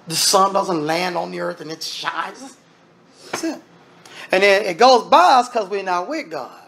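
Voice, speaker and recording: A man's voice: high voice, expressive, moderate pace, vocal fry, fairly bright tone, slight background noise. A man preaching a sermon as minister, emphatic and repetitive, firing rhetorical questions and calling the congregation brethren. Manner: addresses listeners directly as brethren.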